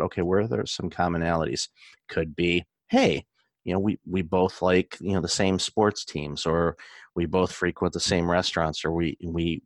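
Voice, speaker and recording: A man's voice: low voice, dry recording. A man in casual conversation, rambling and joking as he talks. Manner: rambling, joking, many fillers and restarts.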